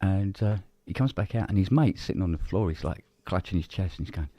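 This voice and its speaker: A man telling a long joke in casual chat, animated and jumping into high voices for the people in it. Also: brisk, dry recording. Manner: animated storyteller, swings into high voices for characters. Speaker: co-host.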